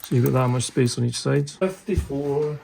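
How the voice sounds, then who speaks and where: A man's voice: mid-range voice, normal speed, creaky, noisy background. A man chatting in a laid-back, modest and dry way while working on a home project. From Scotland. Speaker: vlogger, husband. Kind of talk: casual chat.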